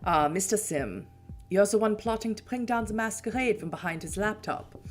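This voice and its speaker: A woman voicing a stern elder male vampire prince, reading his lines in a formal, measured way. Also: medium pitch, lively intonation, faint music behind, voice pushed up, natural voice.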